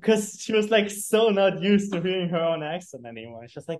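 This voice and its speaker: A man's voice: sits high, a little fast, few pauses. A German man as a podcast guest, telling casual stories and laughing easily. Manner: relaxed storyteller, laughs easily. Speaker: guest, agency co-founder. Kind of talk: casual interview chat.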